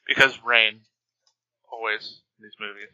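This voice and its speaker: Very bright-voiced man with wry asides. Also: lowish voice, fairly even intonation, a little slow, clean tone, dry recording, highs cut off. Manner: wry, sarcastic asides, laughs often. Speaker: podcast co-host. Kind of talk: casual movie chat.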